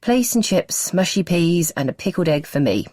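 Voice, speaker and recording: A woman's voice: lowish voice, very animated, normal speed, a little mellow, no echo, pitched above the performer's own voice. A woman voicing a grumpy teenage boy who mutters dry, sarcastic remarks at his little sisters. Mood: grumbling.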